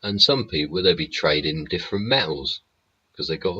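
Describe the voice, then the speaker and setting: A man's voice: low-pitched, expressive, moderate pace, bright, forceful tone, slightly rough, highs cut off. A man hosting a live-stream show, talking in a rambling, blunt monologue full of swearing. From England. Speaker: show host.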